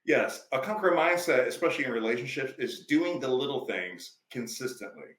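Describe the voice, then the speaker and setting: A man's voice: mid-range voice, expressive, fairly quick, fairly bright tone, roomy sound, rough recording. A male life coach, a podcast guest, telling stories emphatically in a preachy, conversational way.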